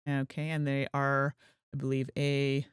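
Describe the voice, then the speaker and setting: A woman's voice: a bass voice, monotone, unhurried, smooth, no room sound, clean studio sound. A woman hosting a gameplay livestream, chatting in a rambling way and laughing easily. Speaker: host and streamer. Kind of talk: casual gameplay livestream chat.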